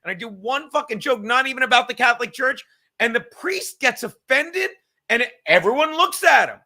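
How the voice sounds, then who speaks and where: A man hosting a casual chat show, rambling and profane and quick to laugh. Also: extremely high pitch, lively intonation, sharp tone. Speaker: podcast host and comedian.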